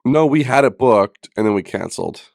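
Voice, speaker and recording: A man's voice: medium pitch, animated, brisk, vocal fry, a little mellow, dry recording, studio quality. A middle-aged man co-hosting a podcast, chatting casually and teasing with frequent laughs. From Manitoba, Canada. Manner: joking, teasing, laughs often. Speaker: podcast co-host. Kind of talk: casual chat.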